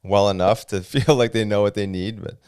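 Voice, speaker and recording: A man's voice: fairly low pitch, steady tone, fairly quick, a little mellow, smooth, no room sound, studio quality. A man co-hosting a podcast in casual chat, easygoing, laughing along and asking questions. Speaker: podcast co-host.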